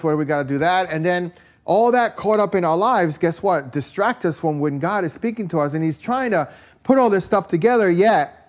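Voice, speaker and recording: A man preaching a conversational sermon, telling stories with lots of "you know" and rhetorical questions to his listeners. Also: fairly high pitch. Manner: rambling storytelling, peppered with "you know" and "right?".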